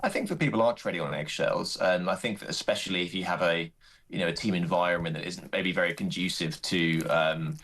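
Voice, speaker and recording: A male journalist guest with a low, deep voice, chatting on a radio show. He sounds relaxed and chatty, and he laughs easily. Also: fairly quick, husky. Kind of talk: radio interview chat.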